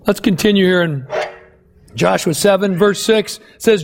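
A man's voice: high-pitched, unhurried, gravelly. A man preaching a sermon, emphatic and repeating key phrases for effect. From United States. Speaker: pastor.

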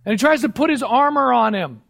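A man with a very high, gravelly voice delivers a sermon. He preaches emphatically, posing questions and answering them himself, and at times drops to a low hush. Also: animated, brisk.

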